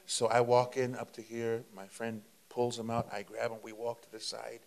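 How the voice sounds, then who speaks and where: A man's voice: medium pitch, monotone, creaky, a little mellow. Fervent preacher man telling a testimony. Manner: fervent, repetitive, halting with fillers. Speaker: preacher, guest. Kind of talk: testimony storytelling.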